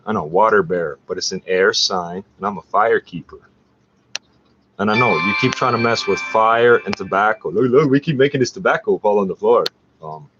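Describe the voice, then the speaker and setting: Low-voiced man, profane rambling rant. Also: fairly bright tone, dull audio, slight background noise. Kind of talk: rambling screen-share rant.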